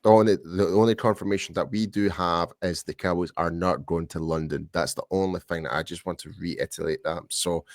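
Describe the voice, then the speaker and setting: A man's voice: low voice, steady tone, fairly quick, hardly any pauses, dry recording, studio quality. A man from the UK co-hosting a casual sports podcast, rambling with lots of restarts and fillers. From United Kingdom. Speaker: podcast co-host.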